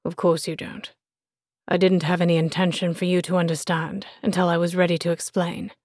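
A woman voicing an arrogant British businessman in an audiobook, speaking low, quiet and pompous, with a stern edge. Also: little pitch movement, fairly quick, no echo, clean studio sound. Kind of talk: audiobook character voice.

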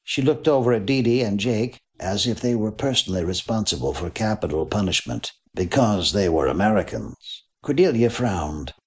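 A man's voice: lowish voice, normal speed. A man narrating a mystery novel as an audiobook, reading expressively. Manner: expressive reading with voiced characters.

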